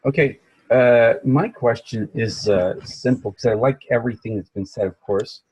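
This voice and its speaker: A man's voice: mid-range voice, normal speed, a little mellow, slightly rough. A man from the audience asking a question over a video call, thoughtful and hesitant. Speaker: audience member.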